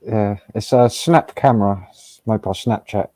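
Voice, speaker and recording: A man's voice: on the low side, measured pace, dark tone, no echo. A man hosting a live stream, chatting casually in a laid-back, dry way.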